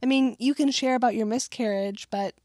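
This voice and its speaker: A woman's voice: a little high, fairly even intonation, a little fast, darkish tone, dry recording, studio quality. A young woman co-hosting a casual podcast, chatty, giggly and opinionated, and fighting off a cold. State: has a cold. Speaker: podcast co-host. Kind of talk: casual chat.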